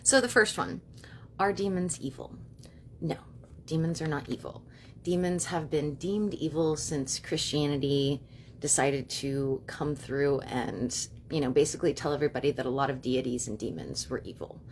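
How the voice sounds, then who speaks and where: Woman, low voice, fast chatty live stream, filler-heavy, faint rumble behind. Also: darkish tone. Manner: fast, chatty, many fillers like "you know" and "like". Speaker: livestream host and witch. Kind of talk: casual live-stream talk. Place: at home.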